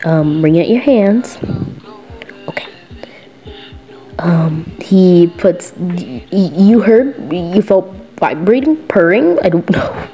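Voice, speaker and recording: Slow, mellow woman telling a fan story. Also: fairly low pitch, expressive, faint music behind. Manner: chatty, giggly, self-correcting with many fillers. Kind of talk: casual fan role-play storytelling.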